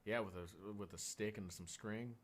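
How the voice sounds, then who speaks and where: A young man from Oklahoma with a thick country accent, telling stories in a casual, animated podcast chat full of fillers. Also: on the low side, normal speed. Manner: animated, laughing storyteller with many fillers. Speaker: podcast co-host.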